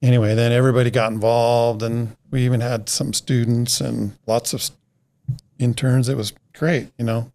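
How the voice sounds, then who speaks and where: A middle-aged man with a gravelly, creaky voice, chatting as a guest on a podcast. His story rambles and doubles back, and he slips in the back-and-forth of every conversation as he retells it. His voice sits at an everyday pitch for a man. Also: flat delivery, normal speed, a little mellow. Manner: rambling, re-enacts conversations by quoting others. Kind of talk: casual storytelling interview.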